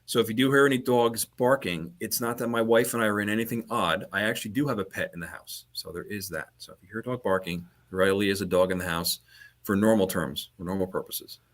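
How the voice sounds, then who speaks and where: A man's voice: fairly low pitch, steady tone, fast talker. A man, talking as a guest HVAC trainer in a casual podcast chat over a video call, rambling and restarting his sentences. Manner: rambling, repeats words and restarts often.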